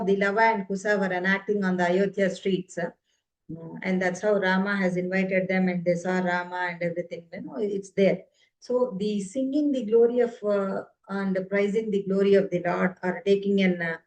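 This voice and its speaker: A woman's voice: medium pitch, rough recording. A woman giving an earnest explanatory talk, full of fillers and rhetorical questions. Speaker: speaker on ancient Indian arts.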